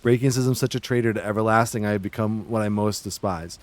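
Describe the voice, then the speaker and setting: A man's voice: lowish voice, steady tone, fast, no room sound. Man in a hammy put-on Boston-New York accent. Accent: exaggerated put-on Boston-New York. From Massachusetts. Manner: joking, playfully ribbing chat. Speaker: livestreamer. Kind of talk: casual livestream chat.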